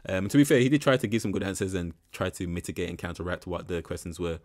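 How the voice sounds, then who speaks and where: A man's voice: low voice, animated, quick pace. A young man giving rambling, frank commentary in a casual reaction video. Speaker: reaction channel host.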